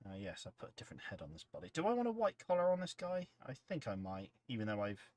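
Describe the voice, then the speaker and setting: A man's voice: mid-range voice, wildly swooping pitch, fast talker, darkish tone, no echo. A man hosting a casual livestream, rambling in an easygoing way as he reads out chat messages. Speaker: livestream host.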